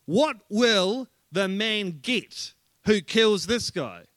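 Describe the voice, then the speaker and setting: A man voicing young David, an eager shepherd who answers with bright, wide-eyed exclamations. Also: high voice, expressive, drawn-out words, dry recording, clean studio sound, full character voice. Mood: incredulous.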